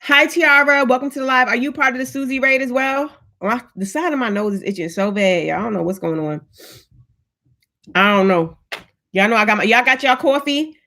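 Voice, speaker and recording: A woman with a fairly high voice hosts a casual live stream. She chats in an upbeat, loose way and greets each viewer by name as they join. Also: a little fast, pushed and bright.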